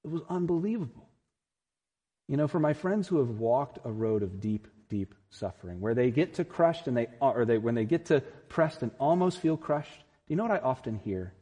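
A male pastor preaches an earnest, emphatic sermon at normal speed, building expressively to strong peaks. His mid-pitched voice is mellow with a slight husk. Each phrase trails into the long reverb of a large hall.

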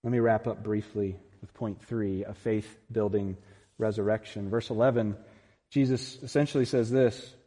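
Mellow, husky-voiced preacher in a hall. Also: male voice, on the low side, steady tone, normal speed. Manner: earnest and emphatic preaching with rising peaks. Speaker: pastor. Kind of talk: sermon. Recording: long reverb in a large hall.

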